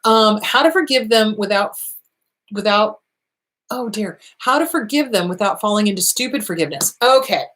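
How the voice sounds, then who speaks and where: A woman's voice: mid-range voice, lively intonation, normal speed, a bit bright. Blunt, emphatic woman host. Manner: blunt, emphatic, repeats points, swears freely. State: voice starting to tire. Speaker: host answering viewer questions. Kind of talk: casual advice talk.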